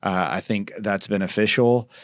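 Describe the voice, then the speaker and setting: A man's voice: on the low side, fairly even intonation, moderate pace, no room sound, studio quality. A male pastor chatting casually on a church podcast, rambling with frequent restarts.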